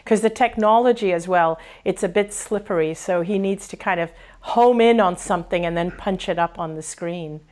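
A woman hosting a live-stream conversation, speaking warmly and effusively and reading viewer comments aloud. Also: on the low side, moderate pace, few pauses. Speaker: host.

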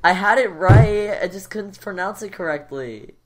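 A man's voice: high voice, normal speed. A man taking part as a quiz contestant, stammering and restarting his words. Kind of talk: casual podcast chat.

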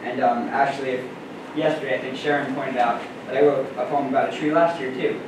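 A man's voice: medium pitch, fairly even intonation, fairly quick. A sixteen-year-old boy introducing his poem casually and a bit hesitantly, then reading it aloud. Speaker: student poet. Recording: echoey hall, distant mic, background noise.

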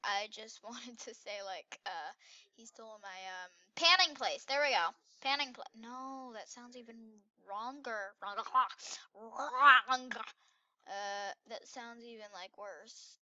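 A woman giving casual, excitable commentary while playing a game, jumping between squeals and hushed whispers. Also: on the high side, takes it slowly, no room sound, highs cut off. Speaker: gameplay YouTuber.

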